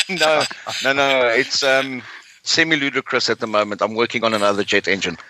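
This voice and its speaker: A man's voice: mid-range voice, moderate pace, bright, forceful tone, no room sound, rough recording. A man from South Africa, a guest joking dryly with small hesitations. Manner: dry joking, hesitant with ums. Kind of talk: casual podcast chat.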